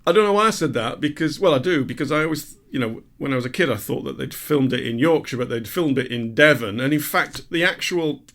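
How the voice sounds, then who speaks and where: A man's voice: medium pitch, lively intonation, quick pace, few pauses, fairly bright tone. A man co-hosting a podcast in casual chat, with dry, self-mocking asides. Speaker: podcast co-host.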